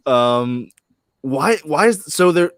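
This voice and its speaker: A man's voice: a little high, slow, dry recording, clean studio sound. A man hosting a casual podcast chat, joking and swearing freely. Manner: animated, profane, joking. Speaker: podcast host.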